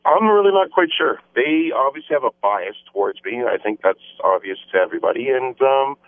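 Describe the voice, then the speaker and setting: A man's voice: mid-range voice, expressive, fairly quick, dry recording. A man, a mayor calling in to a radio interview, repeating emphatic campaign talking points. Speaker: mayor, phone-in guest. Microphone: telephone. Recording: tinny phone line.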